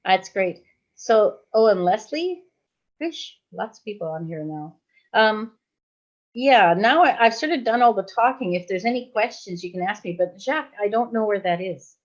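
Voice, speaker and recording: A woman's voice: mid-range voice, lively intonation, normal speed. A woman in her sixties from Belgium, a hypnosis trainer chatting casually on a livestream, rambling and often laughing. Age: 60s. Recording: dull lo-fi livestream audio.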